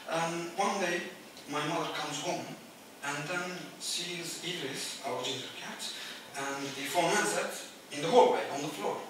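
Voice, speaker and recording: A man's voice: fairly high pitch, measured pace, hardly any pauses. A middle-aged man from Turkey with a Turkish accent, telling wry anecdotes with many hesitations in a live storytelling performance. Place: small theatre stage with live audience. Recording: echoey theatre, distant, noisy.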